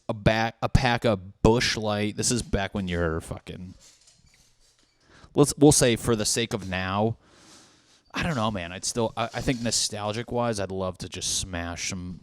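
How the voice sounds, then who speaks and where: A man's voice: fairly low pitch, smooth, dry recording. A man in his thirties hosting a podcast as a casual, comedic solo monologue. He rambles and swears freely as he riffs on party scenarios. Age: 30s. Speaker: podcast host.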